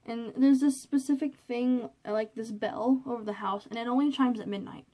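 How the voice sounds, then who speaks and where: A woman with a slightly high voice talks casually into her cell phone from her bedroom. She rambles in a chatty way, full of fillers, and sounds a little nervous. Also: steady tone, normal speed, mellow. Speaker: vlogger reviewing a movie. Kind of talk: casual chat.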